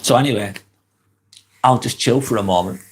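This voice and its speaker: A man's voice: mid-range voice, moderate pace, a little hiss or hum. Lancashire man with a head cold. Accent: Lancashire English. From Lancashire, England. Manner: relaxed, earnest, rambling with fillers and sighs. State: has a head cold, run down. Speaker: vlogger hosting a live stream. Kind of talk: casual live-stream chat, reading comments aloud.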